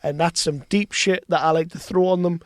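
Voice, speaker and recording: Man, high voice, casual podcast chat, animated storyteller, laughs a lot, dry close sound. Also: a little fast, no room sound. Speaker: podcast co-host.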